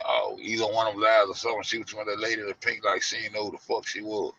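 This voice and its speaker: A man with a gravelly, bright-edged voice riffs in a loose, profane monologue. The audio sounds dull and lo-fi. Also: on the low side, very fast. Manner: profane, rambling, acts out quoted people. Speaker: show host. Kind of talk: casual commentary monologue.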